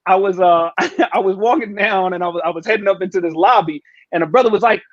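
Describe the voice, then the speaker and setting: A man's voice: high-pitched, fast talker, dry recording, dull audio. A man telling stories casually on a live talk stream, slangy and laid-back, acting out the people he quotes. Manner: laid-back slangy storytelling, acts out voices. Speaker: comedian guest. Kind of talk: casual storytelling chat.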